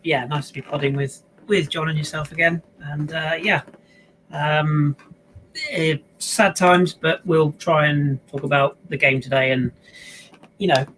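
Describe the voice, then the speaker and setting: A man's voice: on the high side, steady tone, unhurried, a bit bright, a little hiss or hum, poor audio. A man co-hosting a podcast, speaking in a friendly, subdued way. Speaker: podcast co-host. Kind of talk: casual football podcast chat.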